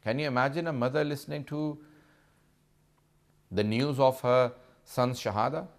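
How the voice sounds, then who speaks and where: Male preacher, gravelly timbre, impassioned sermon delivery. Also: medium pitch, fairly even intonation, moderate pace. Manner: impassioned, rising in grief. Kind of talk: sermon with emotional storytelling.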